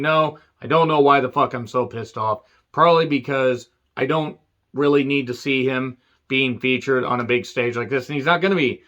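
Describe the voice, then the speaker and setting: A man's voice: mid-range voice, normal speed, fairly bright tone. A man giving a profane, sarcastic rant as he reviews a wrestling show. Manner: angry, sarcastic, swears constantly. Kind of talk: profane ranting commentary. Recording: dull lo-fi sound.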